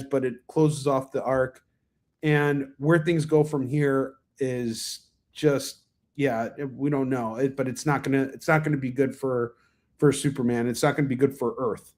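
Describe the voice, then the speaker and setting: There's a darkish tone to this mid-range male voice as he hosts a laid-back livestream reviewing comics. He wanders enthusiastically from point to point, filling gaps, restarting sentences and coughing occasionally.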